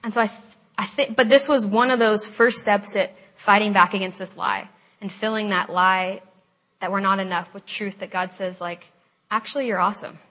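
A young woman giving a personal Christian testimony, chatty and animated, laughing often and saying "like" a lot. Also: medium pitch, moderate pace. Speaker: speaker at a Christian gathering.

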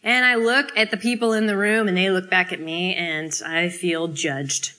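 A woman speaking at a student fellowship, telling a dramatic spoken-word sermon with theatrical, expressive pauses. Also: lowish voice.

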